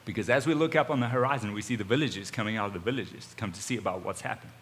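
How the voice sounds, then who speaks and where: A man preaching, retelling a story in the first person in an animated way, with sudden swings in loudness. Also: on the low side, very fast. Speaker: pastor. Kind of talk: storytelling sermon. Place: church auditorium.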